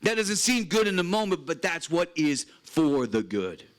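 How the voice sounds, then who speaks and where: A pastor giving an earnest, emphatic sermon at a retreat chapel, reading scripture aloud and repeating key phrases. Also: male voice, fairly high pitch, very animated, moderate pace.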